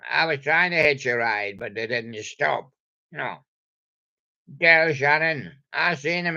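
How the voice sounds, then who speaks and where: A man's voice: mid-range voice, creaky, bright, forceful tone, dull audio. An older man rambling playfully to himself in a meandering solo monologue. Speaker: vlogger.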